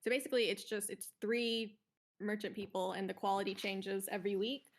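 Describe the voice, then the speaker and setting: Woman player rambling thru her request at a tabletop game, mid pitch. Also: flat delivery, brisk. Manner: rambling, hesitant, lots of likes.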